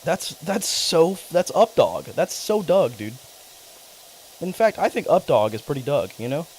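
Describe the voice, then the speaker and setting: A man's voice: a little high, measured pace, slight background noise. A young man chatting casually on a livestream, rambling, cursing freely and getting worked up as he talks. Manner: rambling, profane, excitable. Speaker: streamer.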